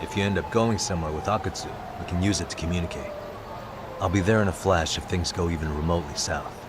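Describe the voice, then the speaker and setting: An actor playing an easygoing young male private detective in a video game, calm and reassuring with a wry edge. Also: sits low, fast, noisy background, natural voice.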